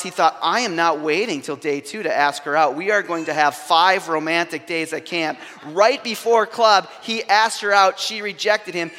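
A man's voice: high-pitched, bright, forceful tone. A man preaching a sermon, telling a personal story with self-deprecating humor. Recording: long hall reverb.

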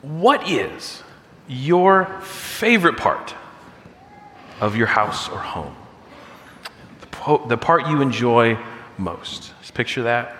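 A man preaching in a church, relaxed and inviting, with a halting, searching way of speaking. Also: mid-range voice, a little hiss or hum. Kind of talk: sermon. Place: church sanctuary. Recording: long reverb of a large hall.

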